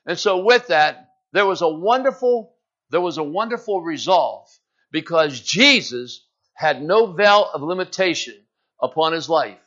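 A middle-aged man preaching a sermon, retelling a story with emphasis and acting out its quotes, then telling a personal story in a quieter, conversational way. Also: a little high. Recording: dull lo-fi filmed sermon.

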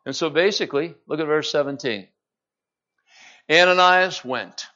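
A male preacher giving an animated, dramatic sermon and acting out scripture, in a slightly muffled recording. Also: fairly high pitch, moderate pace.

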